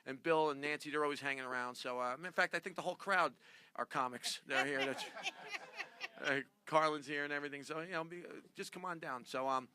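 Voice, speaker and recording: A man's voice: a little high, a little fast, sharp tone. A man hosting a late-night style talk show, chatty, introducing a comic to the audience. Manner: chatty, hypes and introduces acts. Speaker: show host.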